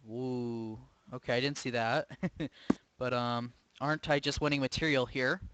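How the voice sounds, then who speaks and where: A man's voice: mid-range voice, fairly even intonation, a little slow, a bit bright, clear, resonant tone, dry recording, lo-fi sound. Man thinking aloud over a chess game. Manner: thinking aloud, hesitant, self-questioning. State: sleepy, yawning. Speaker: chess streamer. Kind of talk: live game commentary.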